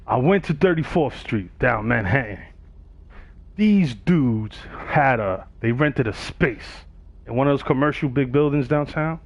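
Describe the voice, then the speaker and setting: A man's voice: mid-range voice, expressive, unhurried, creaky, no room sound. A man, telling a story casually on his livestream and acting out the other people's voices. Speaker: livestream gamer. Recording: dull, dry sound.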